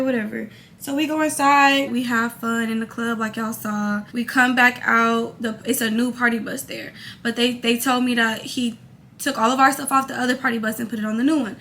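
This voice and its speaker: A young woman vlogger telling a casual storytime, animated and quoting others as she goes. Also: sits high, a little hiss or hum. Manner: animated storytelling, quoting people in her own voice.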